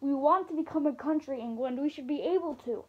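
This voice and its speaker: A young woman playing a defiant colonist in a homemade history skit. The voice is high and insistent. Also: brisk, highs cut off, natural voice. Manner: defiant, declaring. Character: stubborn rebellious colonist demanding independence.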